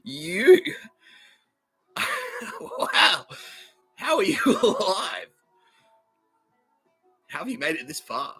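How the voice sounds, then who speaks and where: A man hosting a comedy podcast, ranting and swearing, often breaking into high-pitched giggles mid-sentence. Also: wildly swooping pitch, extremely slow, long pauses, a bit bright, slightly rough, soft background music, low-quality recording. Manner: swearing, laughing through his words, bursts of high-pitched giggling. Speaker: podcast host. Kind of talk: rambling comedic rant.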